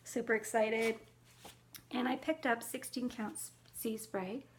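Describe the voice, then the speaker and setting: A middle-aged woman chatting casually about her cross-stitch haul, chatty and excitable. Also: fairly high pitch, a little slow.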